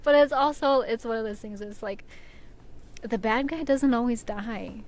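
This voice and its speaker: A woman's voice: a little high, moderate pace, a little mellow. A young woman on a podcast, chatting casually and rambling with lots of fillers and frequent laughter. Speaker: podcast co-host and author. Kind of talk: casual chat.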